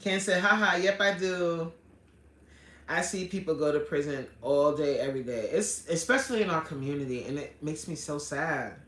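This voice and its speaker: A man's voice: on the high side, moderate pace, fairly bright tone, roomy sound. A man hosting a live stream as a fitness coach, chatting casually and earnestly, reading viewer comments aloud and often apologizing. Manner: earnest and heartfelt, apologizes often, frequent restarts. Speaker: fitness coach and livestream host.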